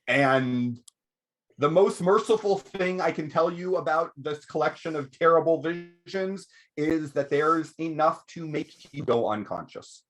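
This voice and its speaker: A man narrating as game master of a tabletop game in a measured way, often pausing with fillers. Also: a little high.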